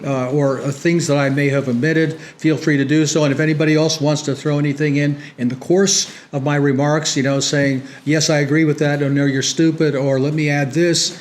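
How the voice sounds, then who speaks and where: A man's voice: on the high side, little pitch movement. Dry-witted American man lecturing. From United States. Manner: dry, ironic, halting with frequent restarts. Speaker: guest speaker. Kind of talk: public lecture with banter. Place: lecture room with audience.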